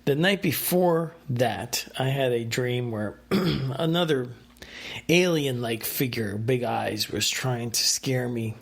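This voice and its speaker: A man's voice: medium pitch, slow, vocal fry, slightly rough. Rambling man with many fillers. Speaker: podcast host. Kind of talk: casual solo monologue recounting dreams.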